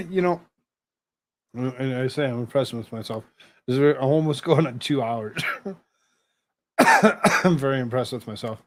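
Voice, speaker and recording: A man hosting a live stream, chatting casually with his viewers, rambling and halting, with many fillers and restarts. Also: mid-range voice, dry recording. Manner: talks to chat viewers between asides.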